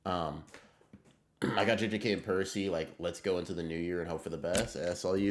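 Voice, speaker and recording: A man streaming live, chatting casually and answering viewer messages in excitable, rambling bursts with a lot of swearing. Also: sits low, fairly quick, noisy background. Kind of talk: casual livestream chat reading viewer messages.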